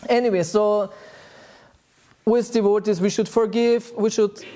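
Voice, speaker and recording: Male spiritual teacher, warm low-key delivery, laughs easily. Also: a little slow. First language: German. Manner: chuckles often, relaxed and storytelling. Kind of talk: devotional talk to a group.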